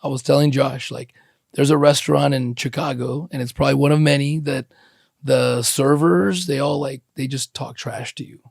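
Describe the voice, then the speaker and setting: A man's voice: mid-range voice, steady tone, normal speed, gravelly, no echo, studio quality. A man hosting a podcast in casual conversation, telling stories with animation, acting out quoted lines and swearing freely. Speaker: podcast host.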